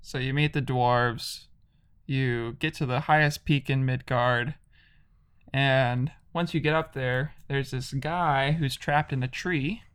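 A man's voice: mid-range voice, clear, resonant tone. A man casually retelling a video game's story, rambling with lots of "like".

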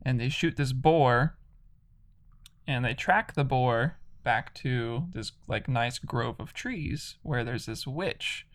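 A man's voice: mid-range voice, slow pace. A man casually retelling a video game's story, rambling with lots of "like".

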